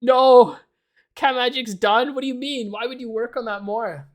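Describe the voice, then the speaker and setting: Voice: mid-range voice, fairly even intonation, moderate pace. A young adult from Canada, chatting casually and rambling on a live stream while reacting to chat. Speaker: livestreamer.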